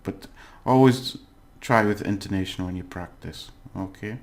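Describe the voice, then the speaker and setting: In a casual recorded recap, a very low-voiced male language teacher goes over the lesson without a script. Patient and easygoing, he checks in repeatedly and stops often to find his words.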